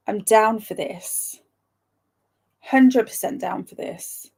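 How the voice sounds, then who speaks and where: Young woman, casual chatty stream host, giggly, mid pitch. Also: slow pace, gravelly, darkish tone, husky. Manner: chatty, laughs often, reads out viewer comments. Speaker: livestream host. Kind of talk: casual live-stream chat.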